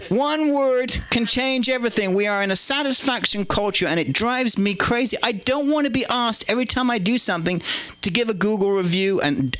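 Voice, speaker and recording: A man's voice: high voice, lively intonation, moderate pace, a bit bright, smooth, no room sound. An English man performing a stand-up set on a comedy club stage, rambling and cheeky with playful asides. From England.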